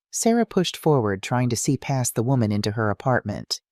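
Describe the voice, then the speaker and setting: A narrator telling a dramatic story, the pitch swinging widely through tense moments. The voice is mellow and warm. The recording is dry and close, with no room sound. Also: sing-song, brisk, few pauses, no room sound.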